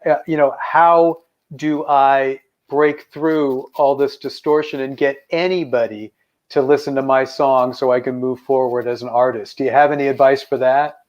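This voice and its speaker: A man co-hosting a podcast who asks an enthusiastic, halting question in a casual interview. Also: mid-range voice, steady tone, dull audio. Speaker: podcast co-host.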